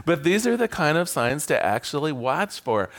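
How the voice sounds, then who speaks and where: Man preaching a sermon, conversational, joking, lively pitch, slightly high voice. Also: moderate pace. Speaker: minister.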